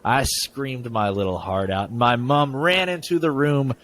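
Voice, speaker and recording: A man's voice: mid-range voice, unhurried, a bit bright, a little hiss or hum. A man hosting a podcast who chats casually and reads a story aloud, often stumbling and repeating words. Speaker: podcast host. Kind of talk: casual chat and story reading.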